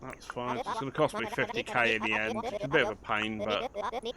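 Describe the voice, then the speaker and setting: A man's voice: medium pitch, big pitch swings, a little fast, a loud crowd. An older man, chatting casually through a let's play, joking at his own expense. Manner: chatty, self-mocking, dry humour, talks to game characters. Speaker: gaming channel host.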